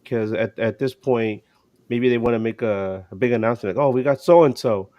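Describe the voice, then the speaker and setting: A man's voice: mid-range voice, normal speed, dry recording, lo-fi sound. A man co-hosting a casual sports podcast, talking in a rambling way with many restarts and fillers. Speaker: podcast co-host.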